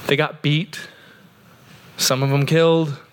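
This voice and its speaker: A man's voice: on the high side, level tone, slow, slight background noise. Earnest conversational pastor, man. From Oregon, USA. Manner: conversational, earnest, with frequent "like" fillers. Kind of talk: sermon. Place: church sanctuary.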